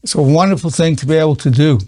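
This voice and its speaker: A man's voice: fairly high pitch, fast, mellow, dry recording, studio quality. A man in his eighties, a psychologist giving an earnest spoken lesson, repeating key phrases with stammering restarts. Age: 80s.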